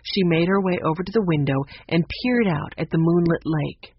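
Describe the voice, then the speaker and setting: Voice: medium pitch, moderate pace, a little hiss or hum. An audiobook narrator reading a children's story expressively, in a slightly muffled recording. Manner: expressive, voices each character. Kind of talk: scripted narration.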